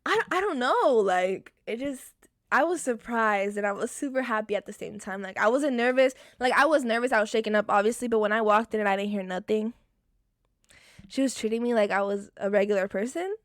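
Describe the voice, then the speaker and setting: A young woman vlogger telling a storytime in casual, expressive chat, often swearing. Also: on the high side, fairly quick, no echo, studio quality. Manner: animated, expressive and profane.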